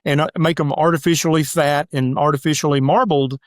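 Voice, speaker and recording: A middle-aged man speaks in a lively, emphatic manner, with a voice that sits slightly high for a man. He fires off his points quickly and slips into the voices of imagined critics. The sound is close and dry. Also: no room sound. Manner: emphatic, rapid-fire, acts out voices of critics. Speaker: doctor and guest. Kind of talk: animated casual interview talk.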